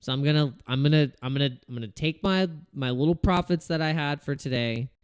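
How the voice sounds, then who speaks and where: A man's voice: on the high side, brisk, clean tone, no room sound, studio quality. A man hosting a casual livestream about trading, ranting in frustration, swearing and restarting his sentences. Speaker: crypto trading livestream host.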